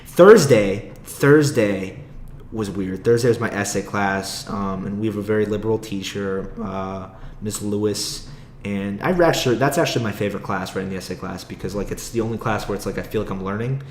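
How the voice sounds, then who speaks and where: A man's voice: fairly low pitch, steady tone, a little fast, reverberant, a little hiss or hum. A young man hosting a casual solo podcast, rambling, swearing freely and laughing often. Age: young adult. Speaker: podcast host. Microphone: own podcast mic.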